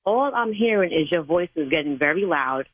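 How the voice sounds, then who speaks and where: A woman's voice: low-pitched, expressive, normal speed, dry recording. An older woman who interprets sign language at church, talking on a phone call in a stern, preachy manner that turns to cursing. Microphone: telephone. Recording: tinny phone line, dry.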